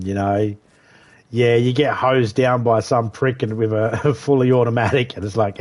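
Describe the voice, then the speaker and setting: A man's voice: medium pitch, steady tone, normal speed, a little mellow. A man chatting casually on a live game stream, swearing freely, laughing often and rambling. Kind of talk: casual gaming chat. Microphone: headset.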